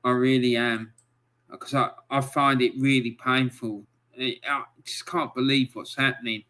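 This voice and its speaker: A middle-aged man hosting a live football fan stream, chatty and excitable, reading out viewer comments and swearing freely. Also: medium pitch, unhurried. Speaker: football fan show host.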